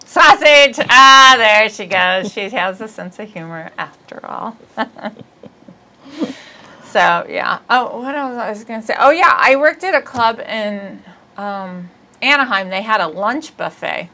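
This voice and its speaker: A woman hosting a podcast in casual comedic chat, rambling, giggly and quick to poke fun at herself. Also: medium pitch, expressive, pushed and bright, rough recording. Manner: rambling, giggly, self-deprecating. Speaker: podcast host.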